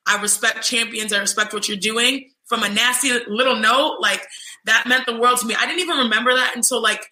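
Bright-voiced woman telling a lively story. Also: on the high side, fairly quick. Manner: lively, mimics voices in quotes, says "you know what I'm saying". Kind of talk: animated storytelling in casual chat. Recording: roomy echo.

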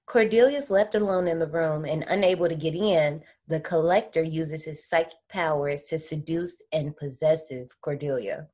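Low-voiced woman recapping a movie. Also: moderate pace, few pauses, dark tone. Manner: slangy, playful, teasing. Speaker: podcast host. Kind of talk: casual movie recap chat.

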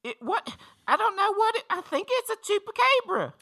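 Terrence, a squeaky Kentucky caller. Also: male voice, very animated, moderate pace, creaky, sharp tone, full character voice. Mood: excited. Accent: Kentucky, put on. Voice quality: very high, squeaky, breathless twang. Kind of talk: comedy call-in sketch.

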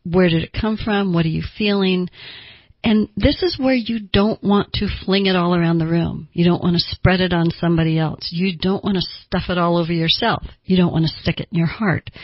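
Casting: woman therapist, husky, calm explainer, dry dull recording. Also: lowish voice, dry recording. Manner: calm, explanatory, uses homely examples. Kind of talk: podcast teaching on emotions.

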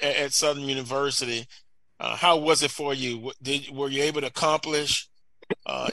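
A man's voice: a little high, pushed and bright, no echo. A man hosting a sports talk show, asking questions in a casual interview and often repeating words as he starts a question. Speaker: sports radio host.

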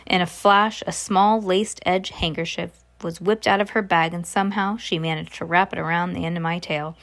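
A woman's voice: lowish voice, fairly even intonation, moderate pace, creaky, a bit bright. A woman reading a children's novel aloud at home, stumbling now and then and stopping to chat about the story. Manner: reads aloud, stumbles and restarts, chats about the story between passages. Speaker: reader. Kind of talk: casual read-aloud of a children's book.

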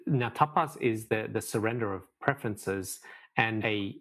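Animated middle-aged man telling stories. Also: on the low side, normal speed. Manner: animated storyteller, laughs often. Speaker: podcast guest, meditation teacher. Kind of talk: casual conversational interview.

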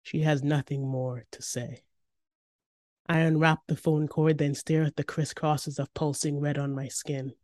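A woman narrating a first-person story in an expressive, tense reading. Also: deep voice, unhurried, no echo, clean studio sound.

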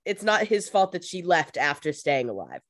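A woman's voice: lowish voice, big pitch swings, moderate pace, dry recording, clean studio sound. A woman co-hosting a podcast, adding wry, chatty commentary about a TV episode. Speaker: podcast co-host. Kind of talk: casual chat.

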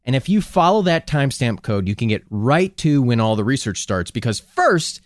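A man's voice: medium pitch, very animated, moderate pace, no echo, clean studio sound. A man from Minnesota co-hosting a podcast, rambling in casual comedic banter and laughing often. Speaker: podcast co-host.

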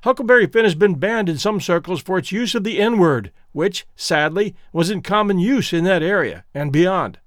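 A man with a Midwestern accent hosting a story podcast, giving a measured, explanatory introduction and reading aloud. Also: sits high, expressive, a bit bright, dry recording, studio quality. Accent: Midwestern American. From American Midwest. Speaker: podcast host and reader.

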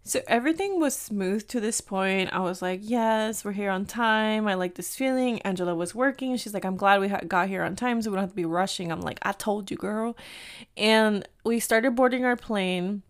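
Mexican-American woman, 30s, podcast host; chatty, animated storyteller with Spanish asides. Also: medium pitch, normal speed. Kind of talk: casual storytelling chat.

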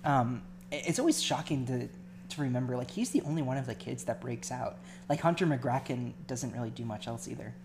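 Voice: medium pitch, expressive, a little fast, background noise. A co-host in a casual film discussion, thoughtful and hesitant, restarting sentences often. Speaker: podcast co-host.

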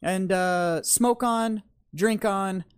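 A man's voice: high-pitched, very slow, clear, resonant tone. A man hosting a casual podcast, joking and swearing in a laid-back way as he signs off. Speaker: podcast host. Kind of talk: casual banter and sign-off.

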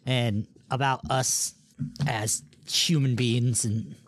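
Husky-voiced man riffing on a podcast. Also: mid-range voice, steady tone, slow. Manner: rambling, playful, laughs often. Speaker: podcast co-host. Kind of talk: casual comedy banter.

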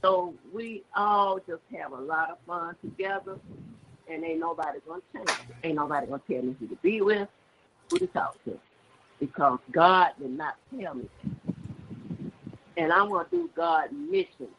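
A woman's voice: fairly low pitch, big pitch swings, normal speed, vocal fry. Older woman giving emphatic church testimony. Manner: emphatic, repetitive, preachy. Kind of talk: personal religious testimony. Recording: dull lo-fi sound with faint background noise.

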